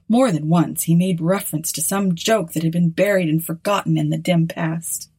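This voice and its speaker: A woman narrating an old story in a measured, solemn reading. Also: fairly low pitch, lively intonation, darkish tone, slightly rough, poor audio.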